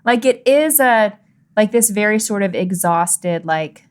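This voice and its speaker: Slow-talking woman podcast co-host. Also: medium pitch, animated, clean tone. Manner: thoughtful, searching, many restarts and 'like'. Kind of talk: scripture reading and casual discussion.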